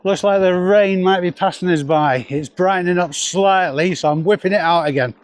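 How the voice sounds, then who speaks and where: A reseller vlogger from North West England, with a Northern English accent and a high voice at normal speed, wanders an outdoor car boot sale. He chats casually and jokes around, bantering with the sellers as he vlogs.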